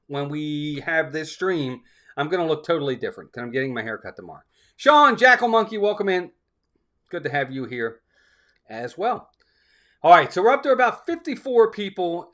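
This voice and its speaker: A man's voice: a little high, fairly bright tone. A man hosting a live stream in a casual, upbeat way, greeting chat viewers one by one by name.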